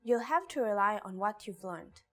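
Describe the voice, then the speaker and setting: A woman reading a scripted language lesson, pronouncing example words slowly and carefully. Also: medium pitch, lively intonation. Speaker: Hebrew teacher.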